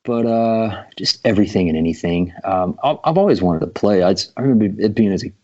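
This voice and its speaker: On a dull-sounding lo-fi recording, a forty-ish drummer guesting on a podcast tells stories in a low, dark, expressive voice at a brisk pace. His manner is relaxed, with lots of ums and fillers.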